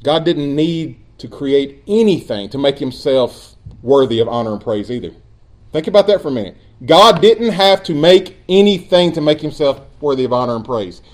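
A man preaching a sermon as pastor, earnest and emphatic, dropping at times into quiet asides. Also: a little high, lively intonation, moderate pace.

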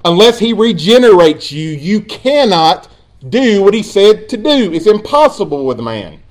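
A man preaching a sermon as pastor, earnest and emphatic, dropping at times into quiet asides. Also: high voice, sing-song, measured pace.

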